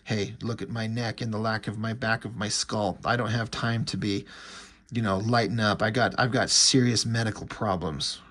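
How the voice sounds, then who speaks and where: A man's voice: fairly even intonation, moderate pace, a bit bright. A man putting on a grumbling fed-up soldier. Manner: low, grumbling and irritated. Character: grumpy male comic-book soldier, fed up.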